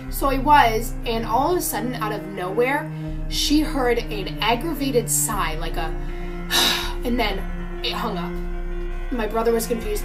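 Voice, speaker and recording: A young woman vlogger spins a spooky family story for her channel in a casual, chatty way. Her voice sits a touch high, and faint music plays under her talk. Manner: chatty, animated storytelling with many "like"s.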